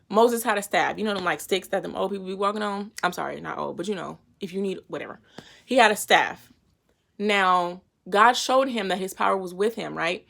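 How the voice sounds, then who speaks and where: A woman's voice: mid-range voice, brisk, vocal fry, a bit bright. A woman giving a casual, slangy Bible lesson to her viewers and retelling scripture in everyday talk. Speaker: faith vlogger teaching a Bible lesson.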